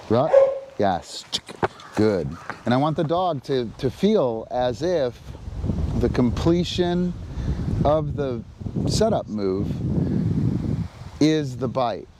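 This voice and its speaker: On a live stream, a man demonstrates dog training, explaining in halting, relaxed speech between short, sharp cues to the dog. His voice is medium-pitched, and the background is noisy.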